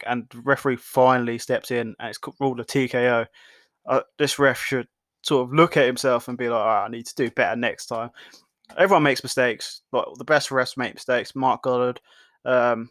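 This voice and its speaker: A man's voice: mid-range voice, fairly bright tone, no echo, clean studio sound. Blunt sweary man recapping fights. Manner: blunt, swears freely, many fillers. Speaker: podcast host. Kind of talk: casual MMA fight recap.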